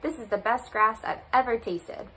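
Scoffing storybook goat, bright and sharp, done by a woman. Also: fairly high pitch, moderate pace, rough recording. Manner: gruff, scoffing. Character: grumpy, selfish male goat.

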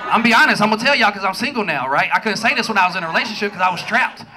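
A man doing a stand-up comedy set on a club stage, loud and profane, acting out his partners in quick voices. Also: sits high, animated, very noisy. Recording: live club with loud crowd laughter.

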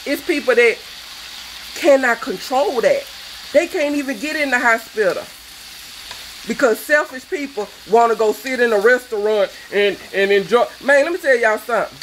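A woman's voice: a little high, animated, normal speed, a little hiss or hum, poor audio. A woman, a cooking show host, delivering a fervent, preachy rant that scolds her viewers. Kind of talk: impassioned vlog rant.

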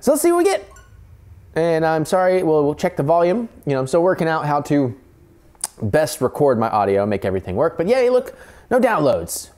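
A man's voice: fairly high pitch, wildly swooping pitch, a little fast, darkish tone. A man hosting a casual unboxing and gameplay commentary, playful and jokey, reading on-screen text aloud. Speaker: video game channel host.

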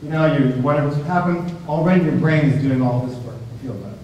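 Male professor, higher voice, lively and questioning; distant, echoey hall recording. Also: fast, muffled recording, a little hiss or hum. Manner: lively, animated, with many restarts and questions to the class. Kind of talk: discussion-led class talk.

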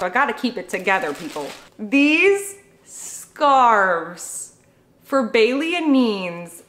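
A young woman with a fairly high voice talks in a casual home vlog. She gushes with excitement and chatters on as she unboxes gifts. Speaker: vlogger.

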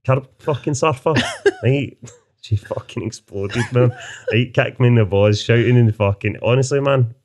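A Scottish man telling sweary, animated anecdotes in casual interview chat, dropping "man" into nearly every sentence. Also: mid-range voice, moderate pace. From Scotland. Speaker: author guest.

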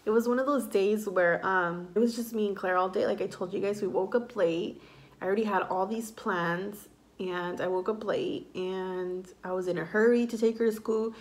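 A woman's voice: medium pitch, fairly even intonation, moderate pace. A young woman and mother talking casually and emotionally to her vlog audience, rambling with lots of fillers. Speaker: vlogger, mother.

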